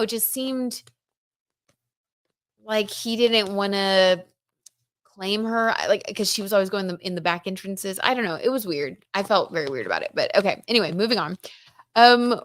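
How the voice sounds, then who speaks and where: A woman's voice: on the low side, no room sound, studio quality. A woman hosting a tarot gossip livestream, chatting casually and reading out viewer comments, with lots of fillers like "like" and "um". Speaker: tarot reader and livestream host.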